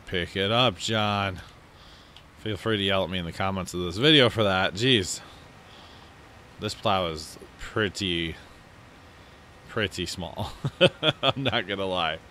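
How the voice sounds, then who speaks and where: A man with a low voice talks through his farming game in a loose, rambling way, poking fun at his own slips. He sounds drowsy after a big lunch, and a faint hum of game machinery runs underneath. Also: animated, unhurried, pauses often, sharp tone. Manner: rambling, self-mocking, yawning. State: sleepy. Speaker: let's play host. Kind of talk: casual gameplay commentary.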